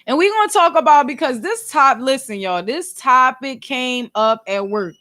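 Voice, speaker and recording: A woman's voice: sits high, animated, moderate pace, pushed and bright. A young woman with a Philadelphia accent, hosting a podcast livestream and telling a story in a chatty way, talking straight to her viewers. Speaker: podcast host. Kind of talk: casual livestream chat.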